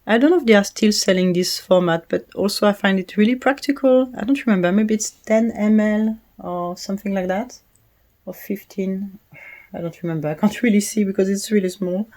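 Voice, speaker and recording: A fragrance reviewer, a native French speaker with a French accent, chats casually about a perfume, pausing often and letting out little laughs. Her voice sits in the mid range with a darkish tone.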